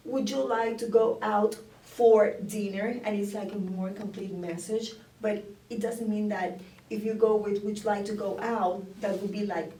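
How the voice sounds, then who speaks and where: A woman's voice: medium pitch, darkish tone. A woman teaching an English conversation class who explains phrases patiently, models intonation and laughs often. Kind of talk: conversation class, switching between English and Spanish. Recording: roomy classroom recorded from a distance with faint noise.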